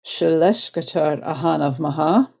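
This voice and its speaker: An actress playing a Highland healer woman who speaks only mock Gaelic in a brisk, urgent way. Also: vocal fry, a little mellow, full character voice. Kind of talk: comic audio drama acting.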